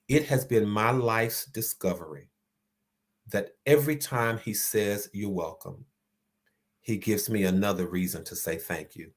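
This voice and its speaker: A man hosting an inspirational talk, speaking earnestly and repeating key phrases for emphasis. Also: lowish voice. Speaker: host.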